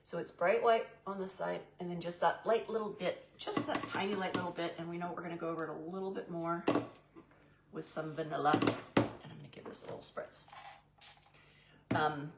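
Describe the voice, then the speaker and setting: Low-voiced chatty woman hosting a craft stream. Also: steady tone, a little fast, echoey room, heavy background noise. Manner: chatty and goofy, answers live chat by name; says "y'all" to viewers. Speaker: craft live-stream host. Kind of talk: live painting demo, chatting with viewers.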